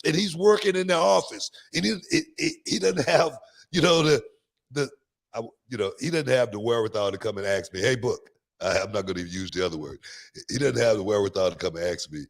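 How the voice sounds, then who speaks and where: Man, podcast host, gravelly voice, emphatic, repeats himself for stress, casual chat. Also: on the low side, fast talker.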